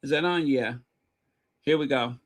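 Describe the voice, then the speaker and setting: A woman's voice: rumbling low, a little slow, no echo. A woman hosting a casual commentary channel, chatting and teasing while fumbling to find clips.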